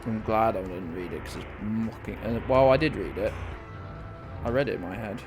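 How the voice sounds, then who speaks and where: A man's voice: fairly low pitch, normal speed, over music. A man streaming a game, chatting casually, swearing freely and answering his chat. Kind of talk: casual gameplay commentary.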